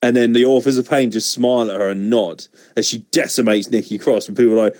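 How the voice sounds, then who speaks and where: Animated, swearing man. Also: mid-range voice, fast, few pauses, no room sound. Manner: animated, profane, opinionated. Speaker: podcast co-host. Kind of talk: casual chat.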